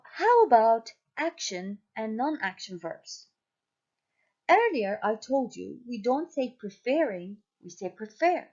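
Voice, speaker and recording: A woman teaching an English grammar lesson, speaking slowly, repeating patterns and spelling out letters. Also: a little high, a little mellow, muffled recording. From Syria.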